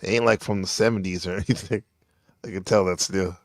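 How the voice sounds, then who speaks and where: A man's voice: deep voice, steady tone, brisk. A man hosting a reaction video, chatting casually and loosely in slangy everyday speech, chuckling now and then. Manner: laid-back, slangy, chuckles while talking. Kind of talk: casual commentary over an old clip.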